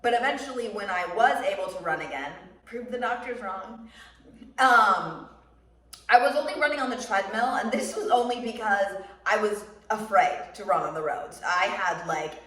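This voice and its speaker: A young American woman vlogging about running, talking bluntly and swearing freely as she tells animated stories. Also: mid-range voice, moderate pace. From United States. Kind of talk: casual chat. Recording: roomy sound, mic somewhat distant.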